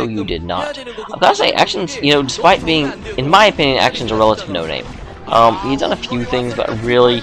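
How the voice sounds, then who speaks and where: Man, sleepy, yawning, casual play-by-play, joking asides, mid pitch. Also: gravelly. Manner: chatty, joking asides, self-corrects. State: sleepy, yawning late at night. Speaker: solo game commentator.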